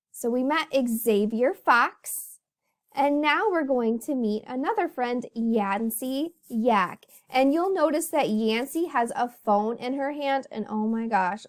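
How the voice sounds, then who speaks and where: A woman teacher with a high voice walks young children through a phonics lesson. She speaks slowly and in an animated storytelling way, addressing them as boys and girls.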